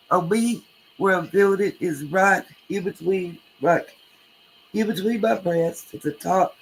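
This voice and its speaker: A woman's voice: fairly low pitch, a little hiss or hum, low-quality recording. A woman hosting a true crime livestream, chatting casually, reading comments and thanking viewers by name.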